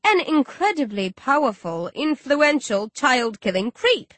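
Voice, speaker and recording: A woman's voice: high-pitched, very animated, measured pace, fairly bright tone, no echo, voice pushed up, heavily acted. A woman voicing Dan Dan, a smug simpering creep. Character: crude smug male child-killing creep.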